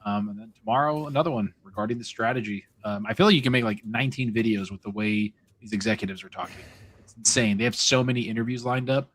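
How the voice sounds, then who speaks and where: A man's voice: fairly low pitch, fast, a bit bright. A man on a gaming podcast as a guest, blunt and brash, swearing freely. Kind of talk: casual gaming podcast chat.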